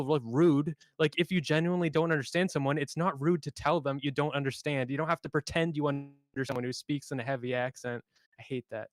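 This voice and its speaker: A man's voice: on the high side, fairly even intonation, a little fast, no echo. A young man telling a story in casual chat on a voice call, rambling and full of filler words. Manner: rambling, heavy use of filler "like". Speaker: online debate participant.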